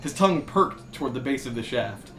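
A man's voice: medium pitch, expressive, fairly quick, faint music behind. A man hosting a comedy podcast, reading a silly story aloud and breaking into laughter. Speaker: podcast host. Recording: echoey room with loud background hum.

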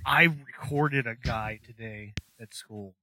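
A man's voice: medium pitch, slow pace, bright, forceful tone. A young man co-hosting a podcast, telling a long story in casual chat, rambling, swearing and laughing as he goes. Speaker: podcast co-host.

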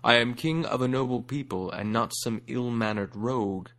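A man's voice: mid-range voice, moderate pace, fairly bright tone, close to an everyday voice. A man playing a proud, mighty elephant king. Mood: dignified.

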